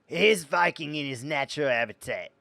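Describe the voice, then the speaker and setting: A man putting on the voice of a wildlife documentary narrator, raspy like a longtime smoker, with slow, awed commentary. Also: fairly high pitch, lively intonation, bright, forceful tone, dry recording, voice pushed up, heavily acted.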